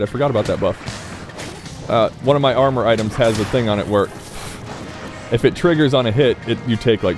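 A man giving casual let's-play commentary, chatting, cursing and talking to the monster as he plays. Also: medium pitch. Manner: chatty, swears often, talks to the monster. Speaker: gameplay commentator. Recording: game music underneath. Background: game music.

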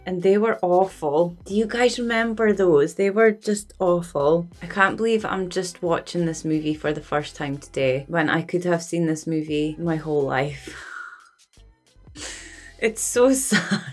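A woman in her thirties, hosting a movie reaction in a gushing, exclamatory way and thinking out loud. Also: on the low side, unhurried, faint music behind. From Scotland.

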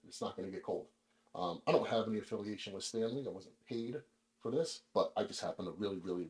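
A man hosting a casual video, explaining things in a relaxed, chatty way with lots of fillers, speaking in a kitchen. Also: on the low side, roomy sound, poor audio. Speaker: vlog host. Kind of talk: casual demonstration.

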